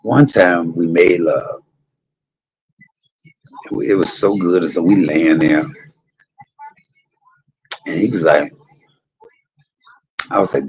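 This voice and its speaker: Speaking a little slowly in a deep voice and pausing often, a middle-aged man shares salty, candid stories with his live stream audience. He gossips and does animated voices for the people he quotes, and the recording quality is low.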